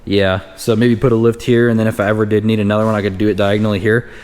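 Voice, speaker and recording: A man's voice: lowish voice, level tone, very fast, a little mellow. A young man chatting casually and joking while he films his car project. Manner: laid-back, joking, slangy. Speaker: car vlogger. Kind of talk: casual chat.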